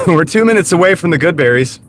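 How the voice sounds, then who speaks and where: A gig delivery driver streams live from inside his car, his fairly high voice brisk and expressive. He chats casually, makes jokes at his own expense, and greets viewers in chat by name, all over the hum of road noise.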